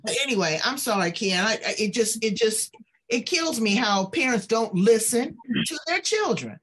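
A woman host who breaks in to lecture parents in a blunt, emphatic way, with a husky voice. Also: a little high, sing-song, normal speed, a bit bright, slight background noise. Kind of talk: preachy direct address.

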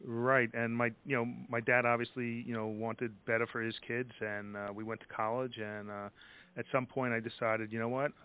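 A middle-aged man, guest in a casual interview, relaxed and full of you-knows. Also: medium pitch, moderate pace, clear, resonant tone. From Long Island, New York. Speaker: guest accountant. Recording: dry, tinny phone line.

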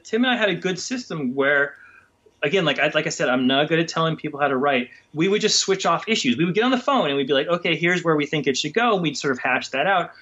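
A man talks through a casual interview in a slightly high voice, rambling and restarting his sentences as he goes. The recording is dull and lo-fi. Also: expressive, bright, forceful tone. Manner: rambling, halting with many restarts. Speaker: guest comics writer. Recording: dull lo-fi sound.

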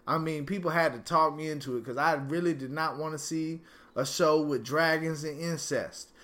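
A man's voice: fairly high pitch, fairly even intonation, normal speed, fairly bright tone. A man hosting his own podcast from home, ranting angrily and profanely in a casual slangy way. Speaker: podcast host. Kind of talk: solo podcast rant.

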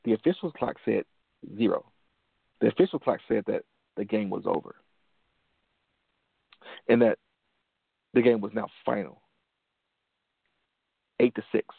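A gravelly-voiced man from Detroit tells a personal story in an earnest, motivational way, circling back on key phrases. The sound is dry and narrow, like a phone line, with no room around him. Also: on the low side, a little slow, long pauses, no room sound. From Detroit, USA. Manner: earnest, repeats phrases for emphasis. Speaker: motivational show host.

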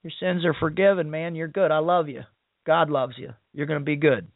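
A gentle, forgiving condemned man, as a podcast host puts him on speaks in a calm, reassuring, plain-spoken way. The voice sits high and comes through dry and tinny, like a phone line. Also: brisk, vocal fry, no echo.

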